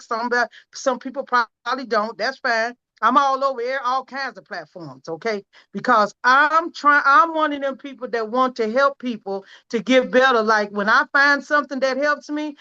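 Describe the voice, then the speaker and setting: A woman's voice: high-pitched, pushed and bright, highs cut off. A woman giving an earnest, emphatic personal testimonial from home over a video call. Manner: earnest, emphatic, close to tears at times. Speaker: product testimonial speaker.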